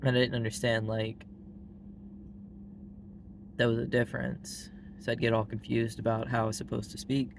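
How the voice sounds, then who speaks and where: A man with a Southern US drawl, talking bluntly and plainly as he rambles to the camera. His pitch stays level and even from start to finish. A faint hiss of noise sits under his voice. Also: moderate pace, gravelly, pauses often. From Arkansas, US. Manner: blunt and frank, heavy use of "like" fillers. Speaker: vlogger. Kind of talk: casual monologue to camera.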